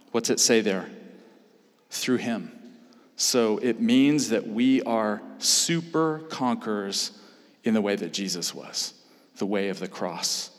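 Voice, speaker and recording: A man's voice: mid-range voice, takes it slowly. A man preaching a sermon in earnest, building to emphatic peaks. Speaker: pastor. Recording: long hall reverb.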